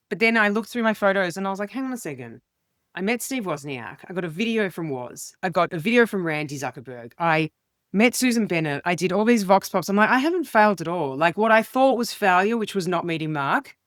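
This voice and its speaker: A woman's voice: mid-range voice, dry recording, studio quality. A woman, a comedian guest telling a story animatedly and acting out the quotes in an interview. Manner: animated, acts out quotes in changing voices. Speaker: guest, comedian and communication expert.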